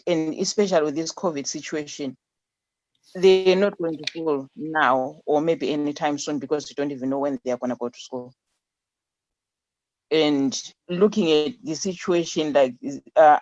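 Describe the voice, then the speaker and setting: A woman who founded a charity speaks as a guest over a remote line. Her talk is halting, full of restarts and repeated words. The sound is dull and lo-fi, with no room echo at all. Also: sits low, darkish tone. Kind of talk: remote radio interview.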